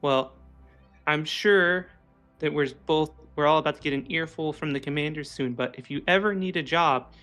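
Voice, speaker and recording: A man voicing a friendly, gentle male tiefling official in a tabletop game, welcoming and chatty. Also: on the high side, moderate pace, soft background music.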